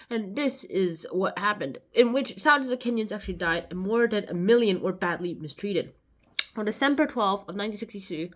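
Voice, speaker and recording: A woman reading a children's news magazine aloud, with chatty asides between the stories. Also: mid-range voice. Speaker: reader of a kids' news magazine.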